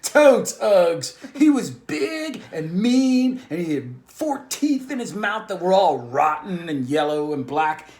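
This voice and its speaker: A man's voice: sits high, big pitch swings, slow pace, hardly any pauses, darkish tone. Laid-back surfer-dude storyteller man. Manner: laid-back slangy drawl, says dude a lot. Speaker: guest co-reader. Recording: echoey room.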